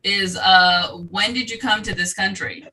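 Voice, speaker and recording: A woman's voice: medium pitch, steady tone, sharp tone, far from the mic, poor audio. A woman from the United States in a casual group voice chat, talking bluntly and sassily and swearing freely. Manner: blunt, sassy, quick to swear.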